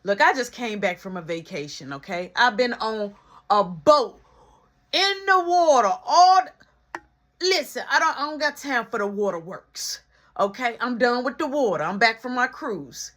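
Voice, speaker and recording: A man voicing a loud, impatient mother back from vacation who scolds fast and high. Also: sing-song, heavily acted. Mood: scolding.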